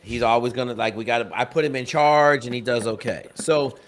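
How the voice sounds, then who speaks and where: A man telling a story on a live talk broadcast, energetic and fast, acting out the quotes as he goes. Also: medium pitch. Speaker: panel guest and father.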